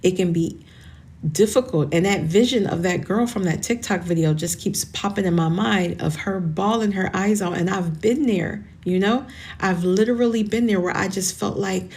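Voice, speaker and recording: A woman in her forties hosts a motivational podcast, speaking to listeners earnestly and encouragingly while sounding close to tears. Her voice is medium-pitched with a darkish tone, and her pace is moderate.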